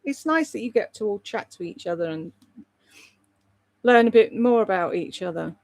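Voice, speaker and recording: A woman's voice: medium pitch, animated, normal speed, creaky, dry recording. Chatty British woman, dry close mic. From Britain. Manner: chatty, rambling, reads viewer comments aloud. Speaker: live streamer and voice-over artist. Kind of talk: casual live-stream chat.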